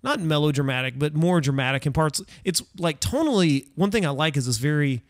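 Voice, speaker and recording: A man's voice: fairly high pitch, lively intonation, brisk, no room sound, studio quality. A man hosting a casual horror-movie podcast, rambling and correcting himself as he searches for words. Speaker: podcast host. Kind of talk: casual film discussion.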